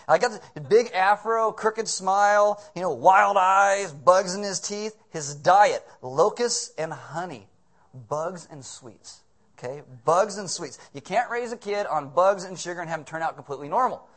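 A man preaching a comedic sermon as pastor, animated and full of casual asides and jokes. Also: sits high, a little slow.

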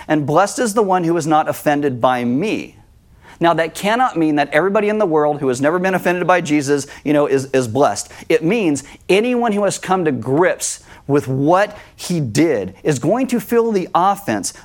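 Male pastor, fairly high voice, earnest sermon delivery, acts out the quoted voices.

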